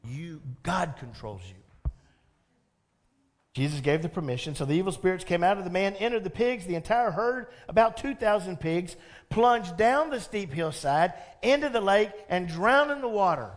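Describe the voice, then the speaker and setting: High-voiced man as pastor, lively storytelling sermon with questions to the congregation. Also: normal speed.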